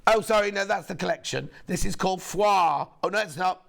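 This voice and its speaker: A hoarse man presenting on a shopping channel, chatting in a gossipy, rambling way between sales points. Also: sits high, a little fast, a bit bright. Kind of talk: casual live sales chat.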